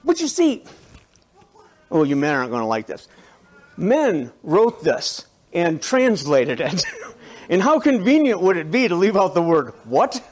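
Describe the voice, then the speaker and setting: A male pastor preaching a sermon in a conversational, animated way, with asides to the congregation and frequent restarts. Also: high voice, measured pace, long pauses.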